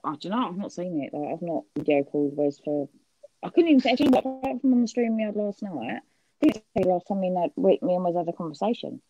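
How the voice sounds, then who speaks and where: A woman's voice: on the low side, expressive, quick pace, warm tone, poor audio. A woman hosting a casual livestream chat, swearing freely and calling people darling. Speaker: livestream host.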